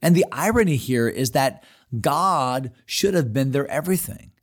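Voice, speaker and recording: A man's voice: mid-range voice, animated, normal speed. A man hosting a Bible teaching program, speaking in an earnest, conversational way with frequent fillers. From United States.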